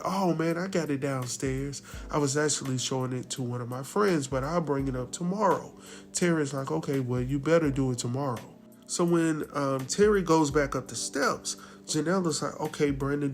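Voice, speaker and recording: A man casually retelling a TV episode, slipping into the characters' lines as he goes. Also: on the high side. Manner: laid-back storytelling, acts out characters' lines. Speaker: recap host.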